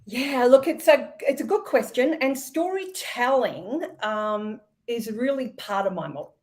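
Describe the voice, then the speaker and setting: A woman from Australia with an Australian accent, a sales expert explaining her ideas in an interview, thoughtful and measured. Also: on the high side, expressive, darkish tone. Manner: thoughtful, measured, with ums and light laughs. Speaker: podcast guest, sales expert.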